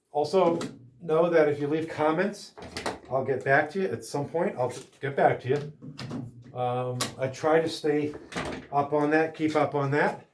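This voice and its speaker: A man's voice: a little high, darkish tone, slight background noise. Rambling man in a roomy workshop. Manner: rambling and meandering. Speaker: woodworking shop owner. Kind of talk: casual chat to viewers while working. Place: woodworking shop. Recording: roomy shop echo.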